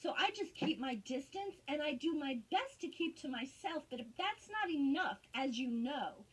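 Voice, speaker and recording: A woman with a high voice talks on a tense phone call. She sounds defensive, with an edge of sarcasm, and rambles through long explanations. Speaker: caller and neighbour in a dispute.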